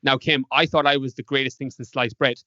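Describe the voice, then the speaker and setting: A man's voice: mid-range voice, flat delivery, fairly quick, pushed and bright, dry recording. An Irish man, a podcast guest, telling stories in a casual interview and acting out past conversations with animation. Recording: dull lo-fi dry sound.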